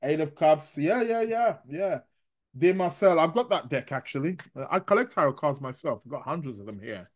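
A man who reads tarot, chatting on a live stream and reading out viewer comments, rambling and halting with frequent restarts and chuckles. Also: fairly high pitch, lively intonation. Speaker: astrologer and tarot reader.

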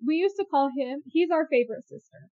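High-voiced, laughing young woman. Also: fairly quick, dry recording, highs cut off. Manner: laughs often, animated, swears freely. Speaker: podcast co-host. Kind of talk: casual chat.

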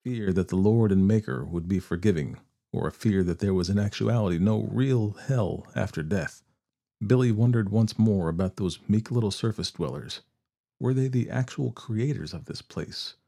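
A man narrating a story in a steady, expressive reading voice. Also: on the low side, normal speed, creaky.

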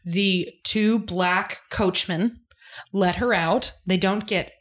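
Animated woman recapping with swearing. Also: mid-range voice, slow. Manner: animated, acts out characters' lines, swears, laughs often. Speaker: podcast co-host. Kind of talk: casual recap chat.

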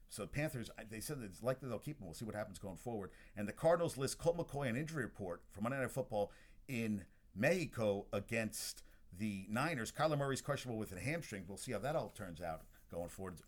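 Rambling chatty sports podcast man. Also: fairly low pitch. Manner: rambling, with frequent restarts and asides; chatty and excitable about scores. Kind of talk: casual sports talk while watching a game.

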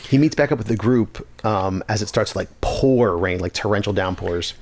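A man's voice: fairly low pitch, normal speed, slight background noise. A man co-hosting a podcast, recapping a TV episode in a laid-back way with many fillers. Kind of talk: casual chat.

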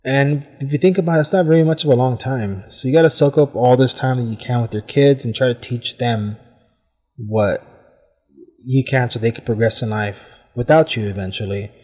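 American man, podcast host, mid-pitched, casual reflective monologue with rambling fillers, long echoing reverb. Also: normal speed, darkish tone. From United States. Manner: rambling, thoughtful, many "I mean" fillers. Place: hot room at home with fans running.

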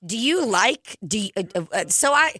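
A woman's voice: on the high side, animated, moderate pace, pushed and bright, slight background noise. A young woman co-hosting a casual chat, rambling, swearing freely and teasing her friend. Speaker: podcast co-host.

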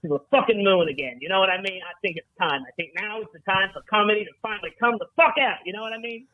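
A man voicing a brash, foul-mouthed American talent agent calling in, with loud boasts and stammering restarts. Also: sits high, fast, no echo, muffled recording, close to an everyday voice. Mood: sleazy. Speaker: caller.

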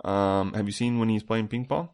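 Young male podcast co-host, low voice, playful and joking. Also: normal speed, a little mellow. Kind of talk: casual podcast banter.

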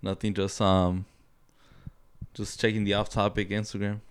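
A man's voice: lowish voice, level tone, normal speed, clear, resonant tone. A man co-hosting a podcast in casual chat, mostly chiming in with short agreeing remarks. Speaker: podcast co-host.

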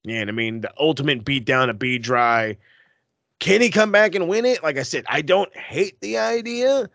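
A man recapping wrestling on a podcast, swearing freely and turning animated whenever he acts out what people said. His voice is bright and cutting, recorded close and dry. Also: normal speed, vocal fry, no echo. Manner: animated, profane, acts out quotes with big pitch jumps. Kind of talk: casual chat.

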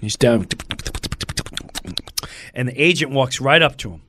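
A middle-aged man telling a story in a casual chat, animated and acting out every voice. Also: mid-range voice, a little slow, long pauses, dry recording, clean studio sound.

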